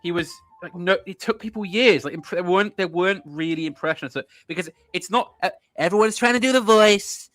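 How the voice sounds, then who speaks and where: A man co-hosting a casual podcast chat, excitable and often searching for words. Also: high voice, fairly quick, hardly any pauses, no room sound, soft background music. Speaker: podcast co-host.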